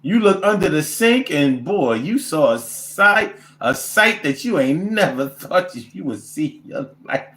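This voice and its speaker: Animated high-voiced man with a profane, roaming rant. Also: unhurried, hardly any pauses, echoey room. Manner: animated, profane, rants with repetition. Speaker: host reading viewer comments. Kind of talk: casual comedic storytelling.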